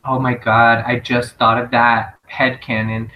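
A man co-hosting a podcast, recapping scenes in a lively way and laughing often. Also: medium pitch, measured pace, dull audio, slight background noise. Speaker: podcast co-host. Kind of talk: casual chat.

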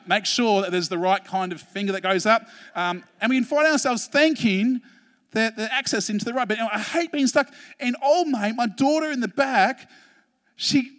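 An Australian man, a pastor, preaching a sermon through animated, humorous personal stories, often restarting his sentences. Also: high voice, long reverb tail.

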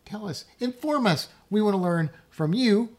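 A woman's voice: mid-range voice, animated, moderate pace, a little mellow. A woman co-hosting a podcast in casual, rambling, self-deprecating chat. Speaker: podcast co-host.

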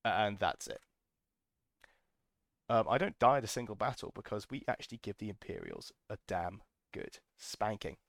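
Chatty man, lowish voice. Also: very animated, moderate pace, vocal fry, no room sound, studio quality. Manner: chatty, enthusiastic, many ums and restarts. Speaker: podcast host. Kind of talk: casual storytelling recap.

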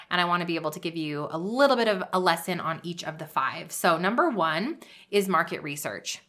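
A woman's voice: fairly low pitch, sharp tone. A woman hosting a podcast, giving an upbeat pep-talk style coaching monologue. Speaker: podcast host and business coach.

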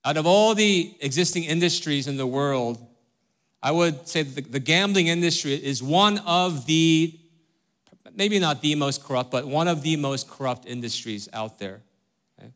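A man's voice: a little high, expressive, moderate pace, a bit bright. Earnest, chatty middle-aged male pastor. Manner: conversational, many fillers and tag questions like "right?" and "okay?"; direct and earnest with the congregation. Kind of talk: sermon.

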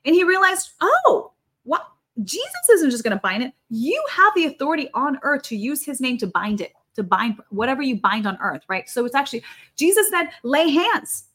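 Woman podcast guest, high-pitched, emphatic conversational preacher. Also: sing-song, a little fast, a bit bright. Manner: emphatic, fervent, repeats for stress.

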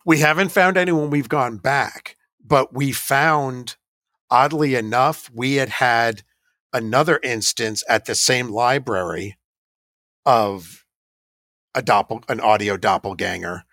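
A man who runs a paranormal investigation team tells a story in a chatty, self-deprecating way, laughing at himself now and then. His voice sits at a middle pitch. The sound is dry and close, with no room echo. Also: slow pace, bright, forceful tone. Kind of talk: casual anecdotal storytelling.

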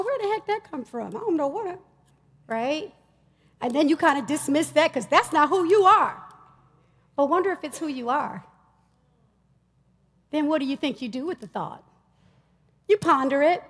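A woman minister preaching a sermon, talking to the congregation in a lively, chatty way and calling out to them often. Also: high voice, big-room sound. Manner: lively, conversational preaching with audience call-outs. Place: church stage.

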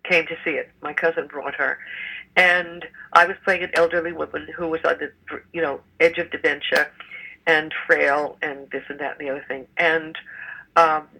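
A woman's voice: deep voice, steady tone, normal speed, gravelly, pushed and bright, slightly rough, rough recording. An older woman, a stage actress, chatting in an interview with many fillers and restarts. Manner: chatty, rambling with frequent fillers. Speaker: musical theater actress, guest. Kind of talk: casual interview chat.

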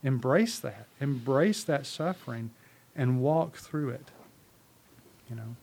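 A man's voice: mid-range voice, expressive, slow, creaky, darkish tone. A man speaking as a podcast guest, preaching in an impassioned, conversational way with rhetorical questions and repeated words. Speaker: podcast guest, ministry leader.

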